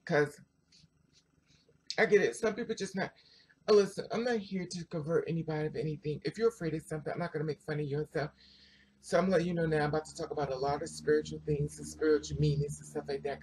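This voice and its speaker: A vlogger telling a personal story to viewers in a chatty, animated way, full of asides. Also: mid-range voice, fast, a little hiss or hum. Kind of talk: casual storytelling to camera.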